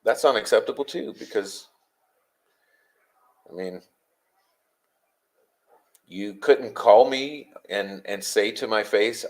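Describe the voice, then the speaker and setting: A man hosting a livestream, answering his chat in an exasperated, confrontational rant full of swearing and rapid-fire rhetorical questions. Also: lowish voice. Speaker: livestream host.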